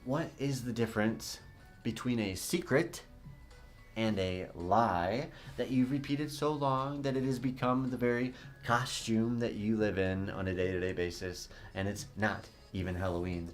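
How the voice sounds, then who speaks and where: A man with a fairly low voice talks through a loose solo monologue. His delivery is conversational and salty, with jokes dropped in along the way. Soft music plays faintly behind him. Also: steady tone, a little slow. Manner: conversational, profane, jokey asides. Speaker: podcast host. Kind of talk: casual spoken monologue.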